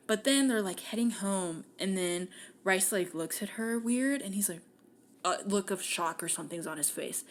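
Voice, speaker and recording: A young woman hosting a podcast, casually retelling a fantasy novel with lots of swearing and acted-out lines. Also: medium pitch. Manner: animated, acts out characters' lines, swears freely. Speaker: podcast host. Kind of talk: casual book recap.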